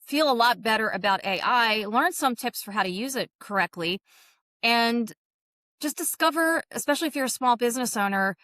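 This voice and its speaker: A woman's voice: on the high side, lively intonation, moderate pace, sharp tone, no room sound. Woman podcast host, enthusiastic and chatty, dry close mic. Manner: chatty, enthusiastic, laughs at herself. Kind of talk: podcast intro monologue.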